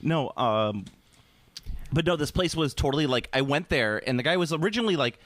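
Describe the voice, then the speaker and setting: A man's voice: on the high side, lively intonation, fairly quick, fairly bright tone, no echo. Crude, joking man. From American Midwest. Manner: rambling storyteller, crude, jokey. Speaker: podcast host. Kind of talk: casual chat.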